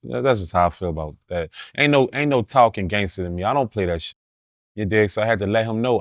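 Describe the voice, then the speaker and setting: A man's voice: on the low side, fast talker, dry recording, studio quality. A man telling stories as an interview guest, blunt and profane in street slang, laughing as he talks. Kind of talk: casual storytelling in an interview.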